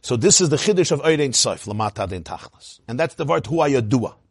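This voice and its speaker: A man giving an animated lecture on Hasidic teaching as a Torah teacher, firing rhetorical questions and often laughing. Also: medium pitch, fairly quick, slightly rough, no room sound, clean studio sound.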